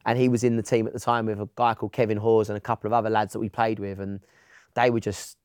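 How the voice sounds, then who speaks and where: A man's voice: lowish voice, level tone, fast, a little mellow, clean tone, dry recording, studio quality. A man with an Essex accent, a podcast guest telling stories in casual chat, with lots of restarts. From England. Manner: chatty storyteller, many restarts.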